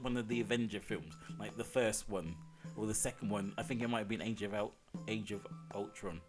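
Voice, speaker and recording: A game streamer chatting live with viewers, excitable and rambling, with frequent laughs. The pitch bounces around a lot. Faint game music plays in the background. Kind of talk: casual live-stream chat.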